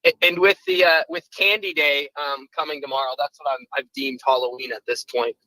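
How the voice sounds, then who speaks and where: A man's voice: medium pitch, steady tone, brisk, bright, forceful tone, no echo, poor audio. A man in his twenties calling in to a podcast, rambling and filling his talk with "like" and "right". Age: 20s. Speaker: caller. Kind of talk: casual call-in chat.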